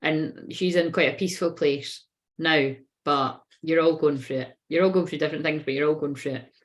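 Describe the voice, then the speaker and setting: A woman's voice: low-pitched, steady tone, moderate pace. A woman running a casual live tarot reading. She talks in a rambling, sweary way and often breaks into giggles. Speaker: tarot reader.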